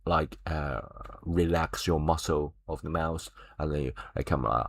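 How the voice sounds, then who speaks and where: A man walks learners through an online language lesson. He talks slowly and explains step by step, dotting his sentences with fillers and "right?". The sound is dry and close. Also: a bass voice, no echo. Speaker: Chinese language teacher.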